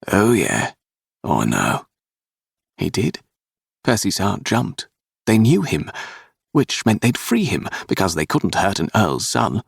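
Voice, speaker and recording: A man with a very low, gravelly voice reads an audiobook dramatically, his pitch rising and falling widely. The sound is husky and dry, close to the mic. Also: no echo. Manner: dramatic, expressive reading. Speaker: audiobook narrator. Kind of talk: scripted audiobook narration.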